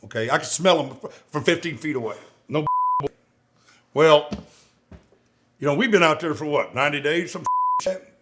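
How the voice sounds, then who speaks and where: A man's voice: fairly high pitch, normal speed, pauses often, noisy background. A middle-aged man, a veteran co-host, telling war stories in casual chat and acting out the dialogue in a raised voice. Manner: animated, profane, acts out dialogue in raised voice. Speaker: podcast co-host, Marine veteran.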